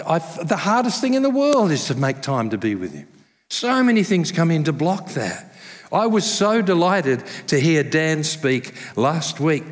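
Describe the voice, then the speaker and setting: A male pastor preaching a sermon at a church service, conversational and self-deprecating, telling stories with lively humor. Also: fairly high pitch. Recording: long hall reverb.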